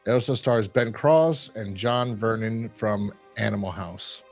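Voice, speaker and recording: A man's voice: lowish voice, unhurried, a little mellow, soft background music. Rambling man hosting a review podcast. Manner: rambling, lots of fillers and "like". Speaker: podcast host reviewing a horror episode. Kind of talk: casual chat.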